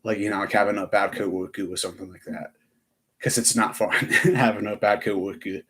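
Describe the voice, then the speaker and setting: A man's voice: lowish voice, steady tone, a little fast, fairly bright tone. A young man chatting on a live stream, rambling with lots of fillers and restarts. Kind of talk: casual live-stream chat.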